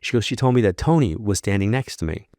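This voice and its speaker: This fast talker is a psychic medium guesting on a podcast, a man with a low, deep voice who grew up in New York. He tells a story in a relaxed, chatty style, performing the lines of the people he quotes. The sound is close and dry, free of room echo.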